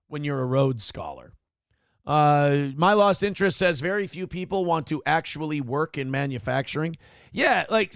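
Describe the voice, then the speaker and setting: A male live-stream host talks casually and profanely, reading out viewer comments and riffing on them. His voice sits high and carries a gravelly fry, recorded close and dry. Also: dry recording. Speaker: talk show host.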